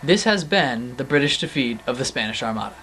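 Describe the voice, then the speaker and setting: A teenager interviewing and narrating a homemade mock documentary in a deadpan, unhurried way. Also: mid-range voice, poor audio. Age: teen. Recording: hissy home-video audio.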